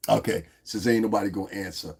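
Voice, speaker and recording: Gravelly, husky-voiced man on a livestream. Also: lowish voice, fairly even intonation, quick pace, darkish tone. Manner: profane, blunt, talks straight to his chat viewers. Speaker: livestream host. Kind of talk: unscripted livestream chat. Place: lives in Las Vegas.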